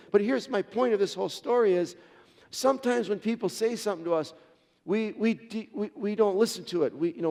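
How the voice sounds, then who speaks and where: A man's voice: high voice, darkish tone. Earnest male pastor in a reverberant hall. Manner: storytelling, earnest, with many restarts. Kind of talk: sermon.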